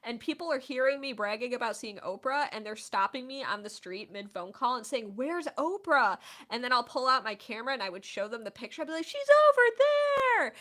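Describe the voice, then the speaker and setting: A woman in her thirties hosting a casual chat stream, telling stories in an animated, chatty way. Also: fairly high pitch. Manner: chatty, animated storytelling with laughs.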